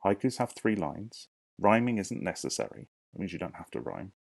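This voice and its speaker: A man teaching young children in a recorded online lesson. He speaks slowly, asks questions and counts syllables aloud. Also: low-pitched, sing-song, creaky, dry recording. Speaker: primary school teacher.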